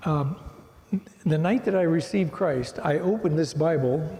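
Older man, church testimony, storytelling, slightly high voice, long hall reverb. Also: a little slow, gravelly, mellow. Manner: rambling, many restarts, storytelling. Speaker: guest speaker giving testimony. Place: church sanctuary.

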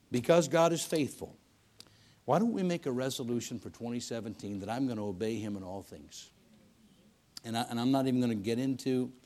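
A man preaching a sermon in a church service, telling stories in a folksy way, swinging between loud emphasis and hushed lines. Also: mid-range voice. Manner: folksy storytelling with repetitions and restarts.

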